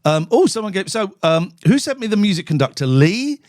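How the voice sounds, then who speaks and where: A man's voice: high voice, very animated, fairly quick, darkish tone. A man hosting a live call-in stream, brash and sweary, bantering with callers.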